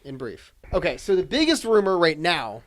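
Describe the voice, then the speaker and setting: A man's voice: high voice, big pitch swings, normal speed, dry recording, clean studio sound. A man co-hosting a podcast, chatting casually and rambling from crude jokes into movie rumors. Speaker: podcast co-host. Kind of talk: casual chat.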